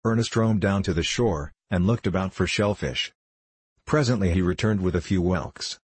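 A man narrating an old adventure novel in the first person, unhurried and measured. His voice is very low and a little husky. The recording is dry and close, with no room echo. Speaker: audiobook narrator. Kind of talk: audiobook narration.

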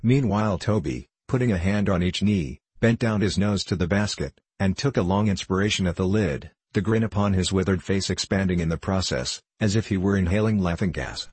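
A man narrating an audiobook of a classic novel with a measured, steady delivery. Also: low voice, slightly rough, no echo.

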